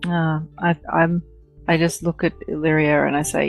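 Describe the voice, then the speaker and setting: A woman's voice: low voice, little pitch movement, moderate pace, creaky, soft background music. Wry woman joking at the game table. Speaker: player.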